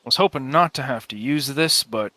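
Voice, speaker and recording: Wary male woodsman companion as a game master puts him on, bright forceful voice, dry close sound, cautious and low-key. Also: moderate pace, no room sound, lightly acted.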